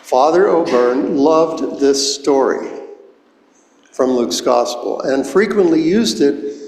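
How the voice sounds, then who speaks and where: Older man, pastor, sermon, very slow deliberate delivery, long church reverb. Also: fairly high pitch, animated, darkish tone. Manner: slow, deliberate, explains Greek words one at a time. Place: church sanctuary.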